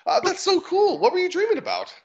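A man's voice: very high voice, huge pitch swings, quick pace, darkish tone, pitched above the performer's own voice, full character voice. A man voicing a friendly male halfling villager who talks in a chatty, welcoming way. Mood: delighted. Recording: dull lo-fi audio.

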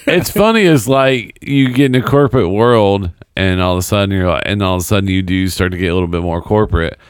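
Smooth low-voiced man chatting. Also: expressive, fast talker, dry recording, studio quality. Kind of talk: casual chat.

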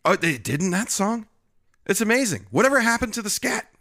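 A man's voice: high voice, big pitch swings, brisk, pushed and bright. A man co-hosting a podcast in casual chat, speaking earnestly and emphatically with slang. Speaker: podcast co-host.

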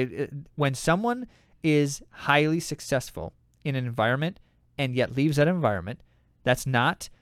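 A man's voice: mid-range voice, no room sound, clean studio sound. Emphatic man hosting a running podcast. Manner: emphatic, opinionated, many fillers. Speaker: podcast host. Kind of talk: casual news commentary.

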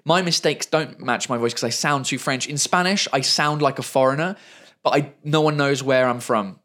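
A man's voice: mid-range voice, normal speed, fairly bright tone. A man in his thirties from England with an English accent, a comedian chatting as a guest in an interview. He talks fluently and repeats words when he searches for a phrase. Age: 30s. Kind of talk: casual interview chat.

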